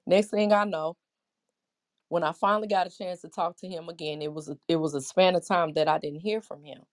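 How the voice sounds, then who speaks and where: A middle-aged woman preaches through a scripture passage with a fairly low voice. She is impassioned but conversational, stopping to ask her listeners how many of them have been there too. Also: fairly even intonation, fairly quick. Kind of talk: preaching a Bible lesson.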